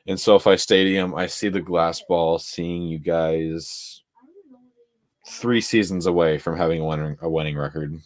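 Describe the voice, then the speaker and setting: A young man with a very low, deep voice talks football in a loose, excitable way, piling up stats and laughing between points. The sound is close and dry, with no room echo. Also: a little slow. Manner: excitable, stat-heavy, laughs often. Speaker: co-host. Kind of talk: casual sports chat.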